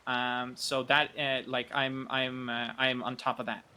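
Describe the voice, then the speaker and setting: Hesitant man with a bright, forceful tone. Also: medium pitch, little pitch movement, unhurried, clean tone. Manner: hesitant, many fillers and restarts. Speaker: role-play character investigating a dispute. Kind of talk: in-character role-play talk.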